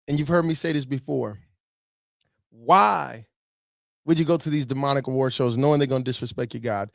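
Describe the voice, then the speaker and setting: A man's voice: a little high, creaky, no echo, studio quality. A man giving fervent, preachy commentary, getting teary-eyed and repeating himself for emphasis. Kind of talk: emotional commentary.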